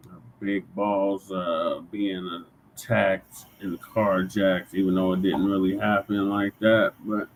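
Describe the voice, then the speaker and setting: A man's voice: low-pitched, level tone, measured pace, a little hiss or hum, rough recording. A man hosting a talk show, commenting casually with loose filler words. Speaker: show host.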